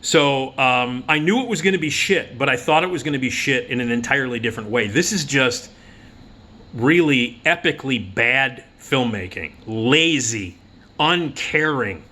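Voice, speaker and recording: A middle-aged man talks through a film review in a casual, unscripted way. He is blunt and profane and often restarts with "uh" and "you know." His voice is bright and forward at a middling pitch. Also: expressive, moderate pace. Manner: blunt and profane, many fillers. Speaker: film critic.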